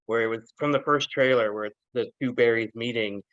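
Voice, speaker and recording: A man's voice: medium pitch, steady tone, fairly quick, a bit bright. Man on a dull lo-fi podcast line. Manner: hesitant, with stammered restarts. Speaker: podcast panelist. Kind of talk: casual roundtable chat.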